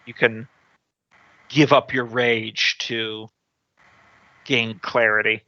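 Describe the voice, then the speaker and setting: A man's voice: medium pitch, level tone, takes it slowly, bright, forceful tone, dry recording. Easygoing male game master. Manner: easygoing, explaining rules. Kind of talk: running a tabletop game. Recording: dull lo-fi audio.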